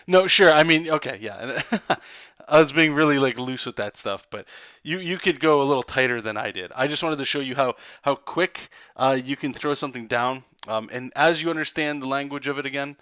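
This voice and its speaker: A man's voice: mid-range voice, normal speed, a bit bright, clean tone, no room sound, studio quality. A man, a comic artist, giving a loose, rambling live drawing lesson. He talks casually, swears, and keeps checking in with "right?" and "okay?".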